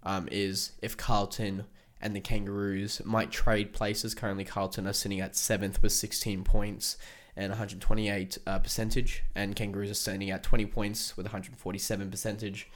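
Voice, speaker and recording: Deep-voiced Australian man, teasing sports chat. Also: little pitch movement, moderate pace, hardly any pauses, fairly bright tone. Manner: teasing, jokey. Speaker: podcast co-host.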